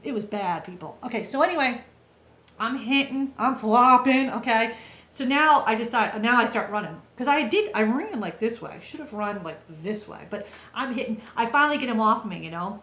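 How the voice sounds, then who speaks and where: An animated woman vlogger tells a story straight to the camera in a chatty, lively way, often checking in with her viewers. Her voice sits fairly high. The room around her is roomy and echoey. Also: moderate pace.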